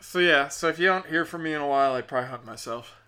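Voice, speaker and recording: A man's voice: fairly high pitch, fast, pushed and bright, clear, resonant tone. A man hosting a podcast, talking in a rambling, profane, sardonic comic monologue. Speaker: podcast host.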